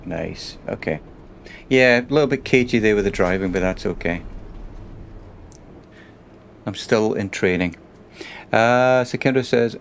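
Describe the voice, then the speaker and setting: A man's voice: on the low side, a little slow, vocal fry, long pauses, a little hiss or hum. Man, game streamer, rambling, emotional, stammering chat. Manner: emotional, rambling, thanking viewers, stammers and laughs. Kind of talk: live-stream chat while driving a bus game.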